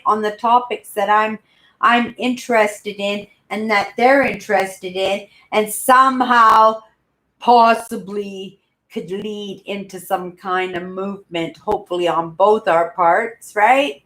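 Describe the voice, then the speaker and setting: A woman in her sixties, host of a casual live-stream chat, who rambles and keeps adding "right?" and calls herself a loud talker. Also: mid-range voice. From Canada. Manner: self-described loud talker. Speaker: channel host. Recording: roomy echo.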